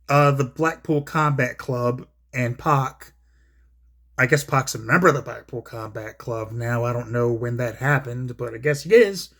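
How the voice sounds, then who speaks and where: A man's voice: on the high side, fairly bright tone. A man giving casual wrestling commentary, rambling and profane with many fillers.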